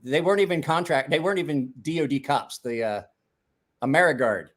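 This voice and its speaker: A man's voice: on the high side, a little fast, fairly bright tone. Rambling profane man telling stories. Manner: rambling, profane, repeats words and restarts. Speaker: podcast host. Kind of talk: casual storytelling chat.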